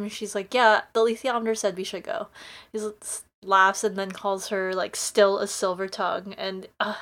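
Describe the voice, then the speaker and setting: A woman co-hosting a podcast talks about a series in casual chat. Her voice is mid-pitched. She gushes over favorite moments and gets openly emotional. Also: fairly bright tone. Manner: gushing, emotional, quick asides. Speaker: podcast co-host. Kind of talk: casual chat, recapping a TV show.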